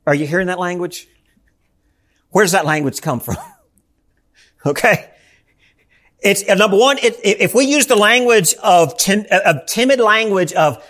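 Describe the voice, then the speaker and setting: Male pastor, sermon in church, emphatic, rhetorical questions, high voice. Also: very animated, moderate pace, fairly bright tone.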